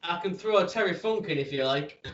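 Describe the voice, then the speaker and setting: A man's voice: high-pitched, animated, brisk, reverberant, distant mic, highs cut off. A man, a guest in a casual interview, playful and wry.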